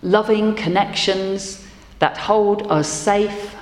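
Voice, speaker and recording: Slow, measured woman minister. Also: mid-range voice, fairly even intonation. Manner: gentle, measured, reflective. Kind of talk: sermon and prayer. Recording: roomy hall with faint ambience.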